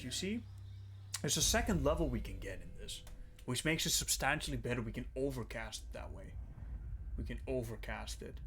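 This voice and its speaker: A man streaming a strategy game, thinking aloud in casual, excitable commentary and swearing freely. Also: mid-range voice, normal speed. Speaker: gaming streamer. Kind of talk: casual let's-play commentary.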